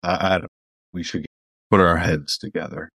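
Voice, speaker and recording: Brief: deep-voiced male player, blunt, swears freely. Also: level tone, normal speed, creaky, fairly bright tone, husky, no echo. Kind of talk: tabletop role-play.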